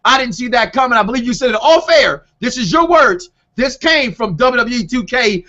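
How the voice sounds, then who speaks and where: A man co-hosting a wrestling podcast, talking in an excited, animated way and often repeating himself. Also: extremely high pitch, moderate pace. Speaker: podcast co-host. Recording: dull lo-fi call audio.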